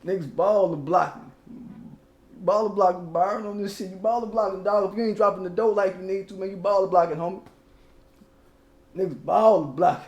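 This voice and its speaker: A man's voice: high voice, steady tone, a little fast, darkish tone, reverberant. A man hosting his own channel, giving loose, profane casual commentary and rapping old lyrics along the way. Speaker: channel host.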